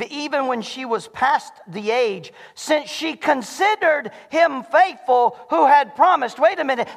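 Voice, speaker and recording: A pastor preaching a sermon in a church, animated and swinging between shouting and hushed lows. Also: male voice. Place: church sanctuary. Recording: long hall reverb.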